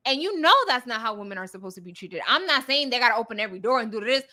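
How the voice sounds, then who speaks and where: A young woman co-hosts a casual chat podcast, handing out emphatic, preachy advice. Her voice sits a little high and sounds bright and forceful. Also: animated, racing. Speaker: podcast co-host.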